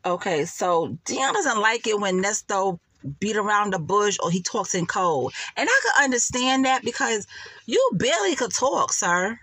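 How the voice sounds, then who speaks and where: A woman's voice: medium pitch, big pitch swings, normal speed, fairly bright tone, slightly rough, no echo. A woman, giving sassy, laughing gossip commentary and calling her listeners honey and child. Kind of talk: casual commentary vlog.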